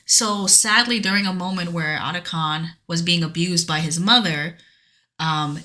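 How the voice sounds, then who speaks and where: A woman's voice: on the low side, unhurried, bright, forceful tone. A woman co-hosting a podcast, recapping a video game story in casual chat with an earnest, rambling manner and many restarts. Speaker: podcast co-host.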